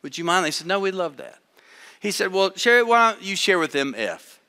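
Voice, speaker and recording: A man preaching a sermon to a live audience, telling a story with animated voices for the people in it. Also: high-pitched, normal speed, clear, resonant tone, big-room sound.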